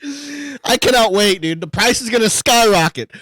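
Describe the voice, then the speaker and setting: A man's voice: extremely high pitch, lively intonation, moderate pace, background noise. A man co-hosting a podcast in casual chat, swearing often, laughing a lot and saying "dude" constantly. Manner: profane, laughing, repeats "dude". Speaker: podcast co-host.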